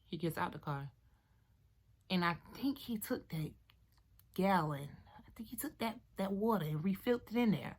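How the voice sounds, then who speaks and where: A young woman vlogger chatting through a storytime while doing her hair, animated and talkative, sometimes dropping to a hushed voice. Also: mid-range voice. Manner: animated, chatty, drops to near-whisper at times.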